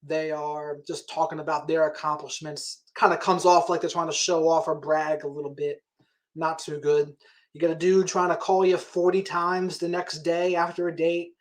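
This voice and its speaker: A man hosting an interview, giving relaxed, opinionated dating advice in casual chat. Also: on the high side, moderate pace. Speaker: host.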